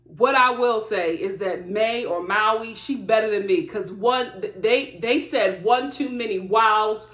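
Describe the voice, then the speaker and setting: A woman reviewing a reality TV show in casual commentary to the camera, animated and exclaiming in disbelief, recorded in a room at home. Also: mid-range voice, unhurried. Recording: roomy echo.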